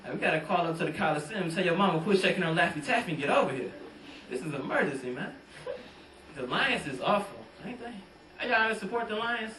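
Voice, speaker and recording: A man's voice: sits high, expressive, quick pace, recorded from a distance. A young man from doing a stand-up comedy set, bantering loosely and talking straight to the crowd. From Detroit. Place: comedy club stage. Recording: roomy club sound, mic set back.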